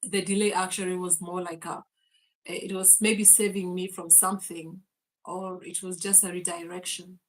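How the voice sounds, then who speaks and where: A woman's voice: lowish voice, little pitch movement, moderate pace, poor audio. A woman, hosting a faith and mindset livestream, laughing often and greeting viewers by name. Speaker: host.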